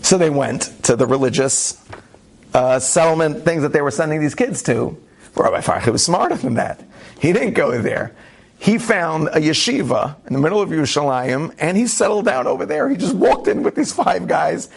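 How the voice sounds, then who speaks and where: A man's voice: a little high, normal speed, vocal fry, breathy edge. A man who is a rabbi, telling a story in a conversational way and acting out the quotes. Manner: animated, conversational, acts out the quotes. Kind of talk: storytelling talk.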